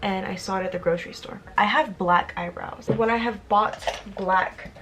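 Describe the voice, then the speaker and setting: A woman's voice: mid-range voice, fairly even intonation, normal speed, a bit bright, slight background noise. A woman in her twenties chatting casually while doing her makeup, rambling and self-deprecating. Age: 20s. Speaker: vlogger. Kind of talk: casual get-ready-with-me chat.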